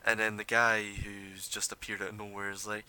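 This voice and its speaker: A man narrating as game master of a tabletop game, describing scenes in a relaxed, rambling way full of fillers. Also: on the low side, moderate pace, smooth.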